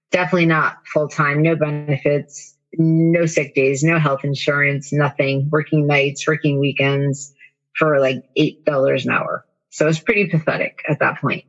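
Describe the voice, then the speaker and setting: A woman's voice: sits low, lo-fi sound. A woman coach, a podcast guest, telling a personal story in a candid, self-deprecating way with many fillers. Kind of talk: casual storytelling in an interview.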